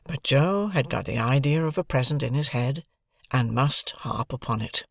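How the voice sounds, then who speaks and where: A man narrating a classic novel as an audiobook, reading in a measured, deliberate way. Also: medium pitch, lively intonation, creaky, dry recording, studio quality. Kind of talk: scripted narration.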